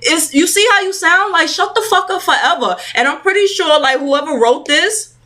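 A woman's voice: extremely high pitch, normal speed, pushed and bright. A mother ranting heatedly to camera at home, swearing freely and leaning on fillers, hot and sweating as she talks. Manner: profane, fired-up, filler-heavy. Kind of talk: heated casual rant to camera.

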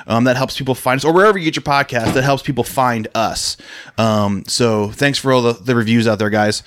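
A man's voice: medium pitch, background noise. A man co-hosting a podcast in casual, crude banter, teasing and laughing often as he rambles. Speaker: podcast co-host.

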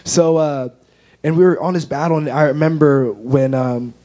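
Earnest young man, mellow voice. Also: fairly high pitch, steady tone, normal speed. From United States. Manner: earnest, heartfelt storytelling. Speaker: guest. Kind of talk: personal faith testimony in an interview.

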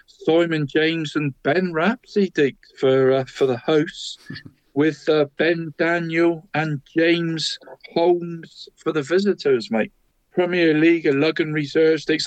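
A man's voice: on the high side, dry recording, highs cut off. Chatty man saying "mate" constantly. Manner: chatty, tags nearly every line with 'mate', chuckles at his own jokes. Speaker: podcast co-host reading local football results. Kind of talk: casual sports chat.

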